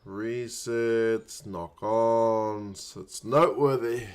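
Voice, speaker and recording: A man's voice: lowish voice, steady tone, very slow, clear, resonant tone. A man in his thirties hosting a live watch-along from home, giving casual commentary in muttered reactions and urging the players on. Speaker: watch-along stream host.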